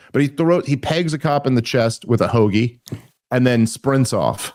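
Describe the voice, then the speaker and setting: A man hosting a political talk show, sarcastic and animated, rambling through restarts. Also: medium pitch, moderate pace, dry recording, studio quality. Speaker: podcast host. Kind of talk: casual political commentary.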